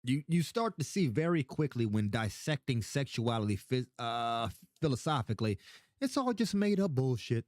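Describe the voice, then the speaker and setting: A man's voice: medium pitch, big pitch swings, moderate pace, a little mellow, no echo. A tipsy young man hosting a casual livestream, rambling, swearing a lot and repeating himself as he answers chat questions.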